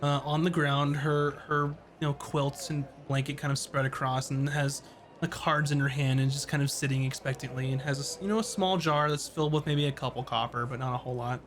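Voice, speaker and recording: A man running a tabletop game as game master, narrating in a rambling, halting way full of fillers. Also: medium pitch, fairly even intonation.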